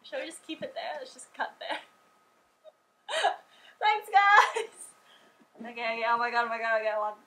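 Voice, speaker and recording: A woman YouTuber filming a casual vlog at home, excitable and gushing, who swears freely as she talks. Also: fairly high pitch, normal speed, pauses often, low-quality recording. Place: at home indoors.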